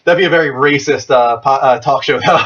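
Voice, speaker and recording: A man's voice: mid-range voice, fairly quick, muffled recording, a crowd in the background. A man hosting a casual gaming podcast, jokey and laughing often. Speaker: show host.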